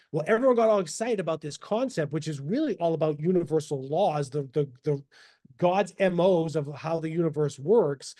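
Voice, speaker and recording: A man speaking as a podcast guest in casual interview talk, animated and motivational, over a video call. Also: on the high side, moderate pace. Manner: animated, motivational, quotes himself in asides.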